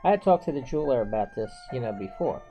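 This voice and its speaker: A man's voice: medium pitch, expressive, fast talker, dark tone. A man telling a personal story in a casual, rambling way, full of "you know" and restarts. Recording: dull lo-fi with faint music.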